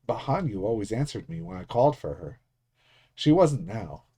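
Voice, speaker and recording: Man, streamer, first-person story narration, lively pitch, husky. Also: normal speed. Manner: steady storytelling read-aloud. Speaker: streamer reading a visual novel aloud.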